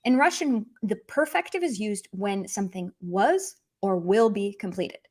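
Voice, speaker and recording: A young woman teaching a language lesson online, explaining with lively emphasis and slowly spelling out example words. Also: mid-range voice.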